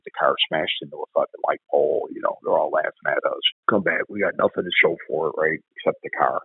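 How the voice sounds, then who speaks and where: A man's voice: sits low, gravelly, breathy edge, dry recording. A man, a former police officer, telling blunt, profane stories in casual conversation. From Chicago. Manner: blunt, profane, animated storyteller. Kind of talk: casual storytelling. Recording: tinny phone line.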